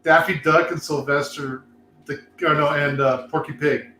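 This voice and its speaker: A man's voice: a little high, fairly even intonation, normal speed, bright, forceful tone, reverberant, slight background noise. A man hosting a casual chat show from a cigar lounge, rambling, laughing and swearing as he talks. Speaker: host.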